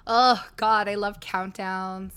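Husky, sassy young woman podcast host. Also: medium pitch, fairly even intonation, fairly bright tone. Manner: sassy, playful, drawn-out gushing. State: husky from recent illness. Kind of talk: casual chat.

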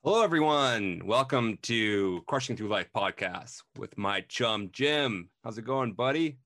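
A man's voice: mid-range voice, animated, unhurried, a bit bright, no echo. A man co-hosting a casual podcast chat, upbeat and jokey, often laughing. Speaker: podcast co-host.

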